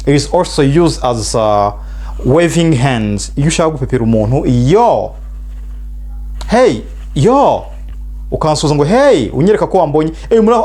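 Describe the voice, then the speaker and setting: A man's voice: a little high, a little mellow. A man with a Rwandan accent teaching an English lesson, switching between two languages and repeating phrases for students to drill.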